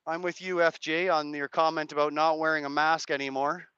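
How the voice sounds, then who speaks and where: A man from Canada with a cracked, hoarse voice, rambling casually to viewers while live-streaming from a street rally. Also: a little high, level tone, brisk, pushed and bright, no echo, highs cut off. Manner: rambling, hedging, chats to viewers' comments.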